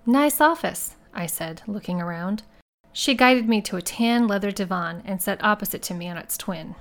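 A woman reading a first-person mystery story aloud in a steady, measured way. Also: mid-range voice. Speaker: audiobook narrator. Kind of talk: scripted first-person narration.

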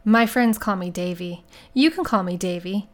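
A woman voicing a male detective posing as a soft-spoken, giggly rich twit in an audiobook. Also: medium pitch, normal speed, lightly acted. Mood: silly. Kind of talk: audiobook character voice.

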